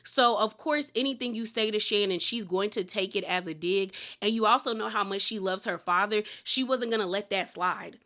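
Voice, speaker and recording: A young adult woman with a bright, forward voice talks through a reality TV episode in a relaxed, chatty way. She is opinionated and retells the scenes with quoted lines, never stiff or scripted. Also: medium pitch, normal speed, hardly any pauses. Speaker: reality TV recap commentator. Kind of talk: casual recap commentary.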